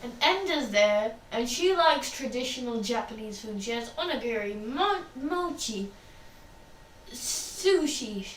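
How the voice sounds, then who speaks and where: A woman's voice: fairly high pitch, expressive, measured pace. A woman casually narrating a fan story role-play, chatty and rambling. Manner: rambling, chatty, laughs often. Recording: echoey room, distant mic, faint noise.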